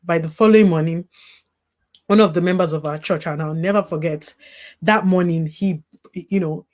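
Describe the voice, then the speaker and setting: A woman whose voice is on the low side, with a darkish tone, is interviewed about the loss of her baby. As a grief recovery specialist, she speaks openly, earnestly, and reflectively, often saying "you know."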